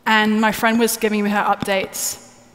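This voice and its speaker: At a moderate pace and medium pitch, with little pitch movement and a slightly bright tone, a woman gives a live conference talk, chatting and joking with the audience from the stage. The sound comes from a stage microphone in a large conference hall, with live hall reverb and faint noise.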